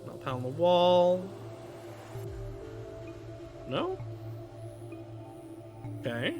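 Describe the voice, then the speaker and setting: A high, bright male streamer whose voice jumps around with lively pitch. He thinks aloud as he plays a video game live and reads out the text on screen. Faint game music plays underneath. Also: a little slow, long pauses. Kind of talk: live game playthrough commentary.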